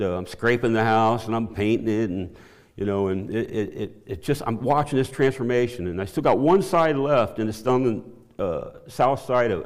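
Middle-aged man giving church testimony. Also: long reverb tail. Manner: halting, many restarts, laughs often; voice climbs high and loud when excited.

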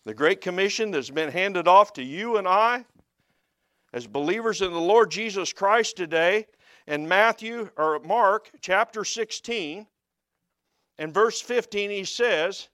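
A male preacher with a high voice delivers a sermon. He tells stories in a low, easy way and then builds to loud, emphatic proclamation. The sound is dry and close. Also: lively intonation, a little slow, no echo.

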